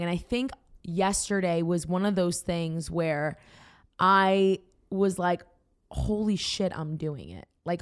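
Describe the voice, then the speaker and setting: A young woman with a Boston accent hosting a casual chat podcast, telling rambling, excited stories full of fillers. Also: lowish voice, smooth. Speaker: podcast host.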